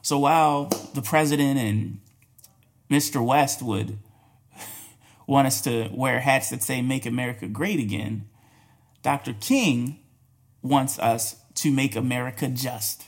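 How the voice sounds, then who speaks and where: A man's voice: medium pitch, takes it slowly, long pauses. A man hosting a solo podcast commentary, talking emphatically, repeating key phrases and laughing between points. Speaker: podcast host.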